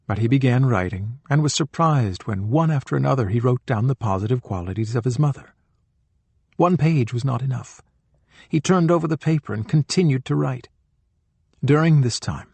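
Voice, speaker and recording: A middle-aged man reading a spiritual book aloud as an audiobook narrator, in a gentle, measured way. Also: mid-range voice, no room sound.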